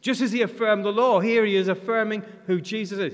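High-voiced man preaching in an echoing hall. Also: steady tone, fairly quick, few pauses. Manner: earnest, conversational, with frequent fillers and restarts. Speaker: visiting preacher. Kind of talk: sermon. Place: church. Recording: long reverb of a large church hall.

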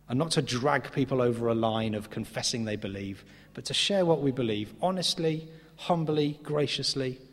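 A man preaching a sermon in a church, earnest and emphatic, with slow pauses for stress. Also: mid-range voice. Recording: reverberant hall.

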